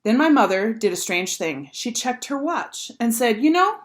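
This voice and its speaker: Animated woman reading a storybook. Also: fairly high pitch, moderate pace. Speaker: teacher reading aloud.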